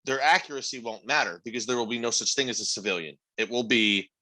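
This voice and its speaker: A man's voice: mid-range voice, fast, bright, forceful tone. A man co-hosting a podcast, arguing his points emphatically in casual chat with plenty of swearing. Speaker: podcast co-host.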